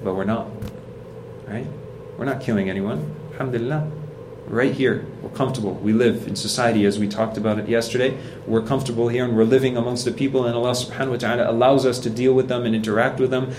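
A man's voice: medium pitch, fairly even intonation, fast, noisy background. A man giving a sermon in a conversational, earnest way, telling stories with acted quotes and repeating points for emphasis. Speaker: preacher.

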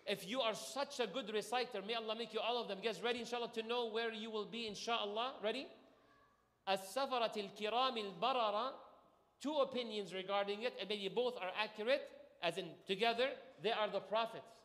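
Male preacher, high and bright, lively call-and-response sermon in an echoey hall. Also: a little fast. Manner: energetic, asks audience questions, call-and-response. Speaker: imam.

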